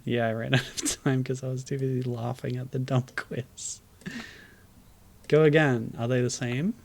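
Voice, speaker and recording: A man with a gravelly, fry-edged voice talks through a web game in loose, casual commentary. He sounds worn out and low on energy, and he throws in dry, wry jokes at what is on screen. A faint hiss sits under his voice. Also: level tone, moderate pace. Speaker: streamer.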